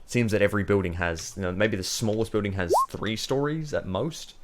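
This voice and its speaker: Deep-voiced game master, halting. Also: male voice, very noisy. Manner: halting, filler-heavy. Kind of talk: narrating a tabletop game.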